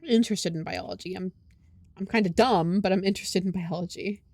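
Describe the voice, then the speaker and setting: A woman's voice: on the low side, fairly quick, darkish tone. A woman streamer reading a story game aloud and reacting with sighs, groans and swearing. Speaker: VTuber streamer.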